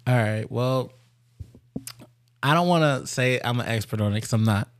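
A man's voice: medium pitch, moderate pace. A young man co-hosting a podcast in casual chat, candid and profane, talking with animation. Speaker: podcast co-host.

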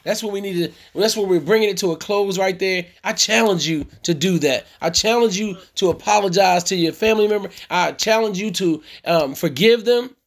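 At a church workshop for couples, a marriage coach speaks with preacher-like emphasis, repeating his challenges to the audience. His voice sits high, and he talks at normal speed with hardly any pauses.

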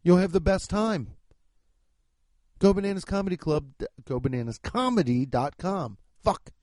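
A man's voice: high-pitched, lively intonation, moderate pace, a little mellow, no room sound. A man hosting a comedy podcast, reading sponsor ads in profane, over-the-top hype. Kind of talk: comedic ad reads.

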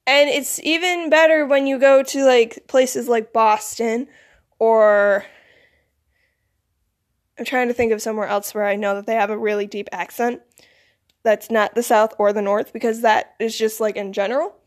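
A woman's voice: fairly high pitch, steady tone, moderate pace. Rambling groggy woman with a Michigan accent. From United States. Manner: rambling, full of "like" and "you know". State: groggy, recently woken. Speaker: vlogger. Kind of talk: casual rambling monologue.

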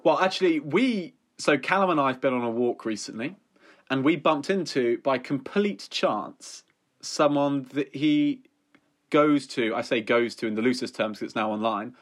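A man's voice: mid-range voice, normal speed. A man co-hosting a comedy podcast, chatting casually and playfully spinning absurd hypotheticals. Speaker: podcast co-host.

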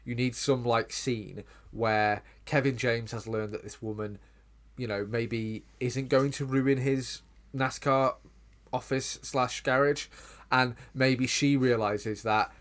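A man co-hosting a podcast, chatting casually about a sitcom and breaking into mocking high voices. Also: fairly even intonation, takes it slowly. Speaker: podcast co-host. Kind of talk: casual chat.

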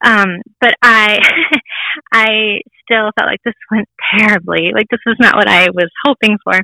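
Bright-voiced woman telling a candid story. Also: mid-range voice, moderate pace, vocal fry, no echo, rough recording. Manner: candid, laughs often, acts out voices in quotes. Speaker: guest. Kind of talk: personal testimony interview.

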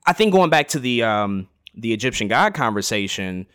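A man's voice: medium pitch, sing-song, normal speed, a bit bright, smooth, no room sound, clean studio sound. A man co-hosting a podcast, talking casually about a TV episode with lots of fillers and restarts. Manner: enthusiastic, many fillers and restarts. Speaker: podcast co-host.

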